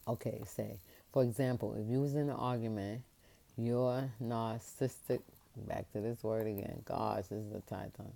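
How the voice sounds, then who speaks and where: A woman's voice: very deep voice, fairly even intonation, normal speed, vocal fry, warm tone. A woman venting at length to her camera, her voice rising and pressing hard on each point as she rambles on. Her speech is passionate and emphatic, with the loose, unscripted flow of a casual vlog rant.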